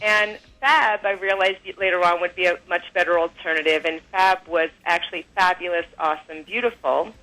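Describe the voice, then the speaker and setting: A woman guest on an interview show, explaining her ideas in a lively way, acting out quoted voices and laughing often, heard over a phone line. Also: lowish voice, a little fast, hardly any pauses. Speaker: author and guest. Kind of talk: interview, explaining and telling stories.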